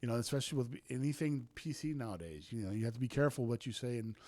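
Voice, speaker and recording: Halting, mid-pitched man, podcast co-host. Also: darkish tone, no room sound. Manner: halting, repeats words, laughs often. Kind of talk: casual chat.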